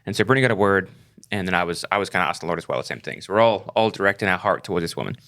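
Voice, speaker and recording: A man's voice: low voice, lively intonation, racing, fairly bright tone. A middle-aged man telling a story in casual talk on a podcast, acting out the people he quotes. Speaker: podcast co-host.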